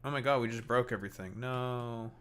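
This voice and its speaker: Speaking a bit fast in a smooth, medium-pitched and slightly bright voice, this Canadian-accented man chats loosely while playing on stream. He wanders from topic to topic and drops swear words without much thought.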